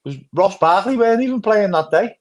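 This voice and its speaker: A man's voice: high voice, animated, a little fast. A man co-hosting a fan channel's football chat, rambling and often asking "you know what I mean".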